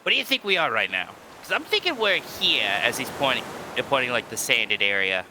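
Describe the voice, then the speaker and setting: A man's voice: mid-range voice, sing-song, fairly quick, noisy background. A man playing a tabletop game, talking casually and rambling with lots of fillers. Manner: rambling, full of "like". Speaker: player.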